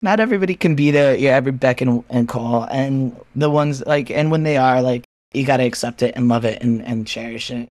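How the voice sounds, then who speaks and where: A man speaking as a podcast guest in candid casual chat, frank and animated, swearing and acting out other people's lines. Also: mid-range voice, a little fast, few pauses, no room sound.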